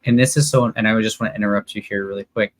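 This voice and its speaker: A man's voice: fairly low pitch, fairly even intonation, very fast, poor audio. A man co-hosting a live relationship Q&A, earnestly explaining ideas and prompting his co-host. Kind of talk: live Q&A discussion.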